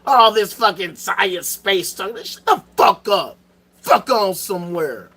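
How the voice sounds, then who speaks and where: A crude church enforcer barks profane threats, as a man acts him out. His voice is raised and hard-edged, with a bright, sharp ring. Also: high voice, animated, slow pace, gravelly, breathy edge, full character voice. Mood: threatening. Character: menacing male church authority, crude and bullying.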